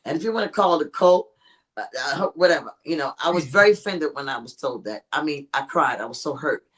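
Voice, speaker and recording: A woman's voice: sits low, lively intonation, fairly quick. A woman hosting a podcast over a video call, talking frankly and rambling with plenty of fillers. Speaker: podcast host. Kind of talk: casual chat.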